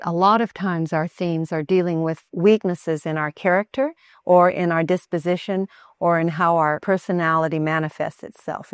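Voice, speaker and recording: Low-voiced woman teaching parenting. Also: dry recording, studio quality. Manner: calm, earnest and explanatory. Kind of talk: instructional talk on Christian child training.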